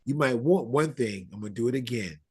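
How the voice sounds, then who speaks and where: A man's voice: mid-range voice, animated, a little fast, a little mellow, husky. A man teaching a live class on spiritual ideas, talking in a conversational way, checking in with his listeners and acting out everyday quotes. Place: room with a live audience.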